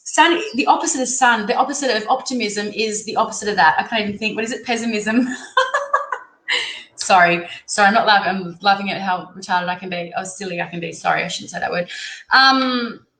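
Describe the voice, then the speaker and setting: A young Australian tarot reader speaks in a mid-range voice at a quick pace, her tone sharp. She chats and rambles as she thinks aloud during a live-streamed reading. The recording has a roomy echo and faint background noise.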